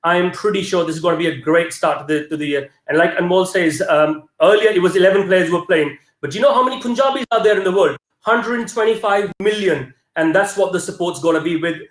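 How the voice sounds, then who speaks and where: Male fan guest, high, upbeat, roomy sound. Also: fairly quick, hardly any pauses. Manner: confident, upbeat. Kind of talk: casual fan chat.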